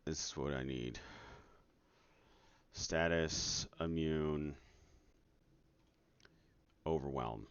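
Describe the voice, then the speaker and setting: A man's voice: very deep voice, drawn-out words, long pauses, clean tone, dry recording. A man streaming his game development from home, talking casually to his audience while he works, exasperated, sarcastic and swearing often. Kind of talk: casual live-stream commentary. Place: at home at night. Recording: dull lo-fi sound.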